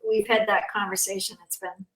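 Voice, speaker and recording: A woman's voice: mid-range voice, flat delivery, fairly quick, a bit bright. A woman hosting a spiritual talk show, speaking earnestly and affirmingly. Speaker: host. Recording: echoey, distant from the mic.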